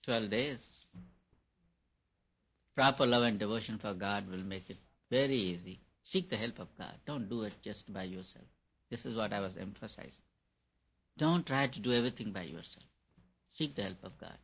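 A man giving a gentle, repetitive spiritual talk on meditation to an audience. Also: lowish voice, normal speed, pauses often, husky. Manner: gentle, repetitive, chuckles often. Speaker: meditation teacher. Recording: dull lo-fi recording.

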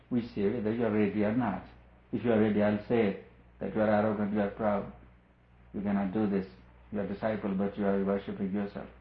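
A man speaks as a spiritual teacher, earnest and insistent, repeating phrases to drive them home. The recording is tinny and narrow, as if over a phone line, and the room rings with echo. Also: fairly low pitch. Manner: earnest, repeats phrases for emphasis, rising on key points. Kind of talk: spiritual discourse.

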